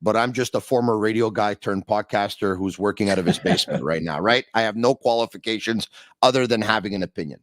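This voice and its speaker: A man's voice: fairly low pitch, fast talker, a bit bright. A man hosting a sports podcast from his home basement, setting up questions in a casual, self-deprecating way. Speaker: podcast host.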